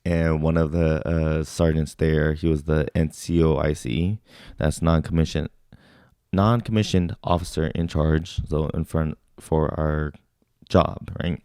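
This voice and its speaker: A young man, a podcast co-host and army veteran from Sacramento, telling a story in casual chat, animated and swearing freely, acting out shouted drill exchanges. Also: a bass voice, a little slow, clean tone, no echo, studio quality.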